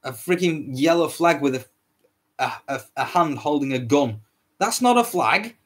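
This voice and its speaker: A man's voice: a little high, animated, normal speed, slightly rough. A man hosting a solo podcast, ranting in a heated, repetitive way, swearing often and stumbling over his words. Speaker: podcast host.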